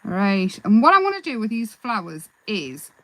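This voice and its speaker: A woman hosting a live craft demonstration, chatting in a relaxed, rambling way and answering viewers' comments as she works. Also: mid-range voice, normal speed, no room sound, poor audio. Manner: relaxed, self-deprecating. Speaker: craft livestream host.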